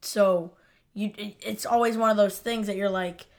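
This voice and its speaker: A woman's voice: mid-range voice, steady tone, normal speed. A woman co-hosting a podcast, casually talking through a TV plot, rambling and restarting as she thinks aloud. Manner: rambling, trails off and restarts while reasoning aloud. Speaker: podcast co-host. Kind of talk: casual chat about a TV episode.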